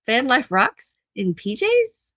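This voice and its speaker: A woman's voice: on the high side, very animated, takes it slowly, bright, forceful tone, dry recording. A middle-aged woman hosting a casual live-stream chat, laughing often and repeating her phrases affectionately.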